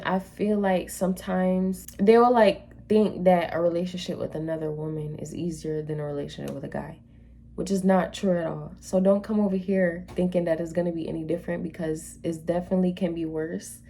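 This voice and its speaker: A woman's voice: on the low side, brisk, dark tone. A woman hosting a reaction video, giving blunt, opinionated, slangy commentary on dating stories.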